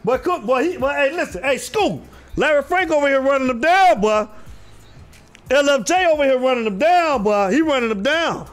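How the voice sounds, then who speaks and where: Male streamer, very high pitch, loose talkative sports chat, faint music under. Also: expressive, normal speed. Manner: drawling, repeats names, calls out viewers. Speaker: live stream host. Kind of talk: casual live sports talk.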